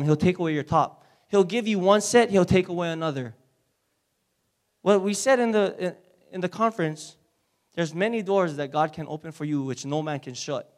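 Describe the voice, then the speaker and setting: A man preaching a sermon to a congregation, energetic and calling out to the room. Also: high-pitched. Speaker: speaker at a church service. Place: church before a congregation.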